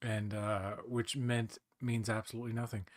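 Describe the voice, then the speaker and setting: A man co-hosting a casual movie commentary, blunt and joking, breaking into quick silly voices. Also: on the low side, flat delivery, dry recording, clean studio sound. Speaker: podcast co-host.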